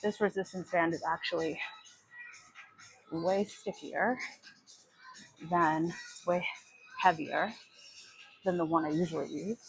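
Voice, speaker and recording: A woman's voice: on the low side, low-quality recording. A woman vlogging her workout in a gym, chatting while she exercises and out of breath. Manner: chatty, talks while exercising, sighs and clears throat. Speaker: fitness vlogger. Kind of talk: casual workout livestream talk.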